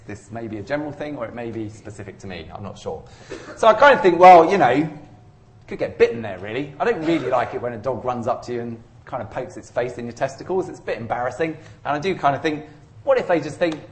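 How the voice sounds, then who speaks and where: A man giving a university statistics lecture in a chatty, rambling way with self-deprecating humour. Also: mid-range voice. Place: lecture room.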